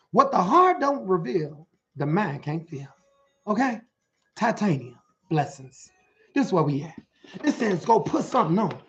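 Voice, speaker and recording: Speaking as a motivational preacher and life coach, this man addresses online listeners with rhyming, rhythmic lines and keeps asking how they're doing. His voice sits high, the recording's upper frequencies are cut off, and there's a slight hiss or hum.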